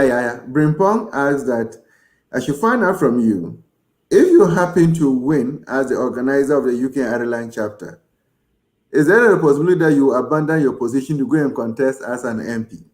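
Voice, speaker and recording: A man's voice: mid-range voice, animated, normal speed, darkish tone. A man hosting a live show, chatty and effusive, reading out viewer comments and thanking them. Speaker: host.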